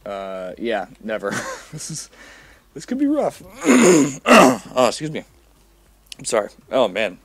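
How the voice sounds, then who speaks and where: A man's voice: mid-range voice, wildly swooping pitch, slow pace, breathy edge, no room sound. A young man giving casual, rambling commentary over a video game, full of fillers and restarts. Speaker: gameplay commentator.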